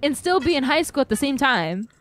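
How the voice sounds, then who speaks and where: A young adult woman co-hosting a casual chat, telling a story in an animated way and swearing casually. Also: high-pitched, fairly quick, no room sound. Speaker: co-host. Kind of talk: casual chat while watching a show.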